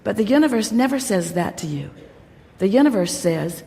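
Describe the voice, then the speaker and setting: A woman's voice: mid-range voice, very animated, moderate pace, creaky, mellow. A woman giving an inspirational workshop talk to a crowd, emphatic and playful, speaking as "we". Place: large hall. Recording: long hall reverb.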